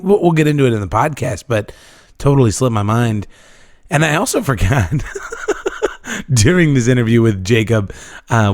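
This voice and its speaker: A hoarse man with a worn-out voice hosts a relaxed podcast, rambling through his thoughts with plenty of ums and restarts. His voice is recorded very dry, with no room sound at all. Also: mid-range voice, no room sound. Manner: rambling, many restarts and fillers. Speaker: podcast host. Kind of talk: casual podcast chat. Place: living room.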